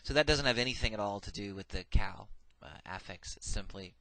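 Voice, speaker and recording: This Hebrew grammar teacher's voice sits on the low side, gravelly yet a bit bright, and moves fairly quickly. In his recorded lecture he proceeds patiently and methodically, saying each form twice and using "uh" a lot.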